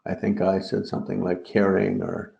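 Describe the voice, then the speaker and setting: Delivering a dharma talk about a translated poem, this Buddhist teacher digresses freely and sprinkles in jokes. He speaks at normal speed in a low-pitched, level voice with vocal fry, heard through a roomy, dull lo-fi recording.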